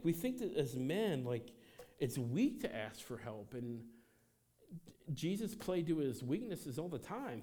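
Conversational male pastor preaching. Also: medium pitch. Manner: conversational, lots of "like" and restarts, animated asides. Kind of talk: sermon. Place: church sanctuary.

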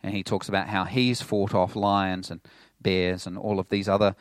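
A male pastor preaching a sermon in a casual, conversational way, telling animated stories. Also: low voice, normal speed, no room sound. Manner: conversational, animated storytelling with playful put-on voices.

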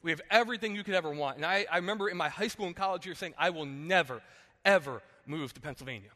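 A man's voice: fairly high pitch, fast talker, long reverb tail. A man in his thirties from New Jersey, a pastor preaching a sermon and telling personal stories with jokey asides and acted-out quotes. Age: 30s. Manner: animated storytelling, jokey asides, acts out quotes.

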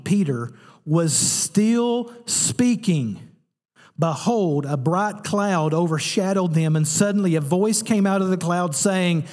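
A man preaching a sermon as pastor, telling a story with animated, lively delivery. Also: a little high, big-room sound.

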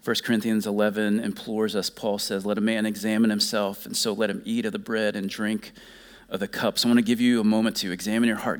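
A male pastor preaching a sermon, moving between loud, urgent exhortation and soft, near-whispered lines, then leading communion. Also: fairly low pitch, flat delivery, fairly quick.

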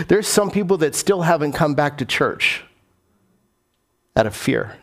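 A man's voice: fairly high pitch, expressive, measured pace, long pauses. A man preaching a sermon as pastor, repeating key phrases for emphasis and putting questions to his congregation.

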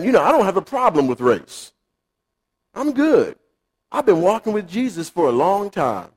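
A man preaching a sermon in an animated, conversational way, acting out quotes. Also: high-pitched. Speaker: pastor.

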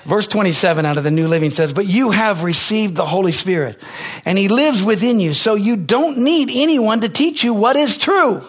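A male pastor preaching a sermon with passion, repeating phrases, swinging from loud exclamations to low, quiet asides. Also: moderate pace, breathy edge.

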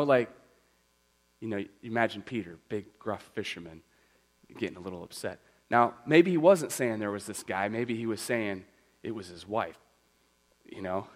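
Animated, conversational male pastor. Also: mid-range voice, low-quality recording. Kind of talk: sermon.

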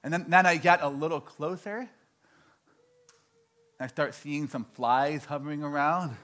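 A young man from Canada telling a stand-up story, animated and self-mocking, acting out his own dialogue. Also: a little high, measured pace. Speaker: stand-up comedian.

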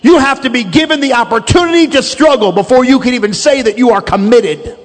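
A man preaching a sermon, with rhythmic, emphatic delivery that builds to shouts. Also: very high-pitched, fairly quick. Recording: long reverb of a large hall.

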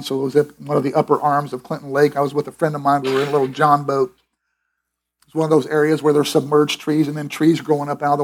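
A man's voice: fairly high pitch, slightly rough. A middle-aged man preaching a sermon in an emphatic, conversational way, with restarts and asides. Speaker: pastor.

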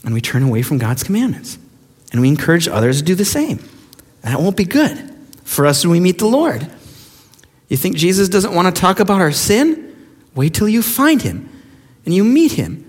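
A middle-aged man preaching a sermon as pastor, emphatic and mocking as he acts out quoted voices. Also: high voice. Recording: long hall reverb.

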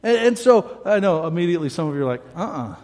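A man with a notably high voice preaches as a pastor, keeping it conversational and often checking in with a quick "right?". He slips into his listeners' voices to act out their doubts. His words ring out with the long reverb of a church hall. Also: lively intonation, a little mellow. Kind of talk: sermon.

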